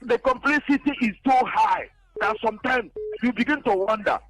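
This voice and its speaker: High-voiced man calling in. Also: normal speed, no room sound, rough recording. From Nigeria. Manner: animated, acting out back-and-forth exchanges. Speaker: caller. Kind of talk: phone-in comment on radio. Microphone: phone call.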